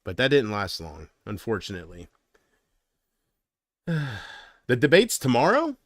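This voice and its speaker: A man's voice: medium pitch, wildly swooping pitch, a little slow, no room sound, studio quality. A man hosting his own livestream, chatting casually in a rambling, profane way and laughing at his own jokes. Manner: breaks into loud mocking impressions. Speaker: livestream host.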